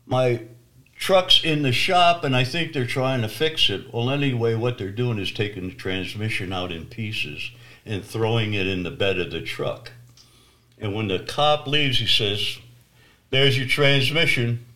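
A man telling his personal testimony story, swinging from loud emphasis to hushed near-whispers. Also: lowish voice, measured pace.

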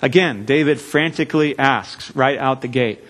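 A man preaching in a church, earnest and deliberate, letting his phrases land with measured pauses. His voice sits at an ordinary middle pitch for a man. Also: fairly bright tone. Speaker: pastor. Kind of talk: sermon.

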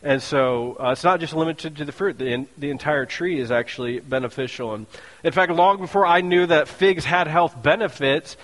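A man preaching a sermon in a joking, conversational way, full of quick asides. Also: fairly high pitch, fairly bright tone. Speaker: pastor. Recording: long hall reverb.

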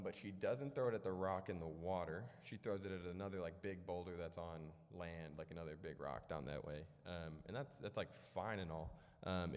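A young man from Illinois giving a storytelling sermon in a church hall, casual and rambling with lots of fillers and self-deprecating jokes. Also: low voice. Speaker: preacher. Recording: echoey hall with long reverb.

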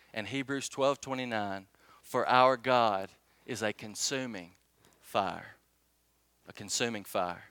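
A man's voice: medium pitch, fairly bright tone, clean tone, no echo. A man preaching a sermon, reading scripture emphatically and asking the congregation rhetorical questions. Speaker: pastor.

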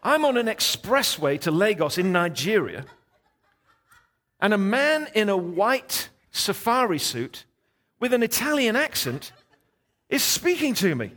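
A middle-aged man preaching as a guest, telling a story in a lively, animated way and voicing the people in it. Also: sits high, measured pace. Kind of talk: sermon storytelling.

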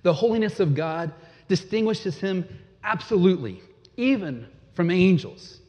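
A man's voice: high-pitched, animated, unhurried. Man preaching in a reverberant hall. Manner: dramatic, swings from loud emphasis to hushed. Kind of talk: sermon. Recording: dull, long hall reverb.

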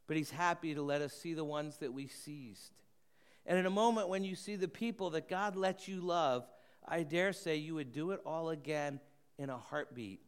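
A man preaching a sermon, earnest, often slowing and dropping to a hushed voice for emphasis. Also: a little high, clear, resonant tone. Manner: earnest, slows and softens for emphasis. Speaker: pastor.

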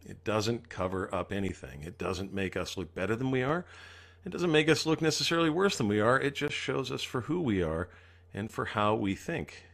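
A man's voice: fairly low pitch, normal speed, gravelly, a bit bright. A man preaching a sermon as pastor, earnestly acting out the psalmist's pleas.

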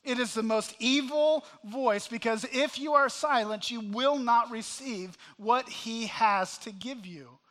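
A male pastor with a high, bright voice delivers an impassioned sermon. He swings from loud cries to hushed, intimate asides as he addresses the congregation. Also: unhurried, few pauses. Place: church sanctuary.

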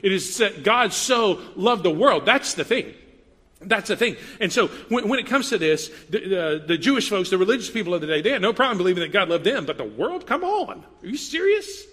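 A man preaches in an easy, conversational way, slipping into playful asides and quoted voices. His voice sits high and bright, and it carries the long reverb of a large hall. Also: animated, fairly quick, slightly rough. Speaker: pastor. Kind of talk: sermon.

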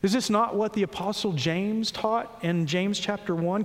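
A man preaching a sermon, reading scripture slowly and earnestly, dropping low and soft between rising pleas. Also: fairly even intonation, in a large hall. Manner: earnest, slows and rises on scripture, drops low and soft on pauses.

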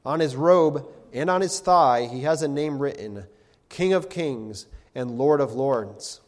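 A man in his thirties delivers a sermon in a mid-range voice. He reads scripture with dramatic swells, building to loud, ringing exclamations before dropping back to a quiet, intimate tone. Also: medium pitch, expressive, a little slow. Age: 30s. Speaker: preacher.

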